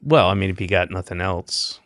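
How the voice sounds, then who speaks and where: A man's voice: deep voice, moderate pace, fairly bright tone, no room sound. A man hosting a casual podcast chat, dry and wry, rambling with lots of fillers. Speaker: podcast host. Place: New York.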